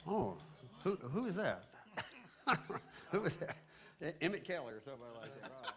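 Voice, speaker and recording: A man's voice: fairly high pitch, sing-song, normal speed, fairly bright tone. Man joking from a concert stage. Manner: loose, joking, rambling. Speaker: singer on stage. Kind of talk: live stage banter.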